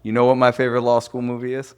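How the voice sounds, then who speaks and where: A man co-hosting a podcast who is a lawyer, chatting in a loose, animated way, swearing and laughing often. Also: medium pitch, very fast, clear, resonant tone. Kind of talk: casual podcast chat.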